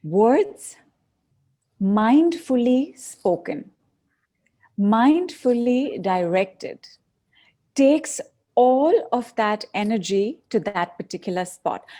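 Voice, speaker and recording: A woman giving a reflective talk, speaking in a measured, thoughtful way. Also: medium pitch, expressive, mellow.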